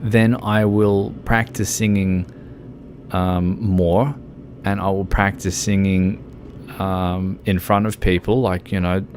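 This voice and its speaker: A man's voice: deep voice, level tone, takes it slowly, a little mellow, slight background noise. A man streaming a game who chats casually, rambles and laughs often.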